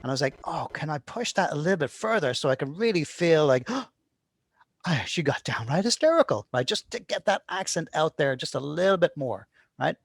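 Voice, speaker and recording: A man's voice: fairly high pitch, lively intonation, fairly quick, gravelly, dry recording. A man explaining his animation polishing process in a casual tutorial, often checking in with "right?". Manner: casual, keeps asking "right?". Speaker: animation instructor. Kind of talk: screen-recorded tutorial talk.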